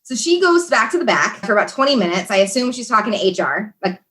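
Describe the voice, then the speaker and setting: A woman's voice: a little high, very animated, quick pace, fairly bright tone. A young American woman, a podcast guest, telling a story in casual chat, laughing often and talking with many fillers and restarts. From USA.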